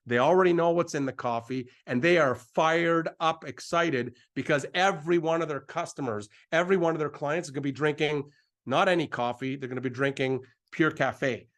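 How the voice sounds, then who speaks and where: A middle-aged man hosting a live presentation, delivering an excitable, repetitive sales pitch and hyping himself up as he goes. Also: moderate pace.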